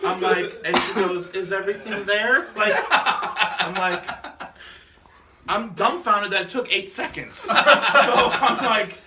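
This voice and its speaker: High-voiced guy telling a story slow, keeps laughing, roomy and far off the mic, loud hiss. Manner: laughing often while telling a story, doing quoted voices. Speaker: podcast co-host. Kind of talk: casual storytelling.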